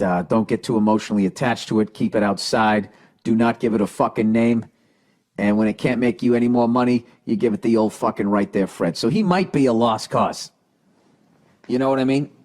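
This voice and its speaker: A man's voice: medium pitch, a little mellow. Man, Boston accent, podcast host, profane, sarcastic, blunt advice, casual rant, hiccups. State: has the hiccups. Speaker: podcast host reading listener letters.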